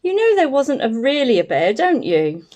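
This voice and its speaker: A woman with a New Zealand accent voicing a kindly mother in a storybook, brisk and reassuring. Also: high voice, sing-song, a little mellow.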